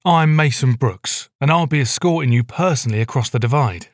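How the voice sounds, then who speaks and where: A man's voice: medium pitch, fairly quick, no echo, studio quality, natural voice. A man reading aloud, voicing a cheerful, eager escort who welcomes guests.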